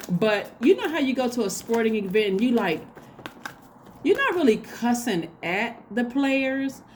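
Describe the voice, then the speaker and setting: A woman giving a casual spoken tarot reading, chatty and excitable, talking straight to her viewers. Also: on the high side, unhurried, slight background noise. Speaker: tarot reader.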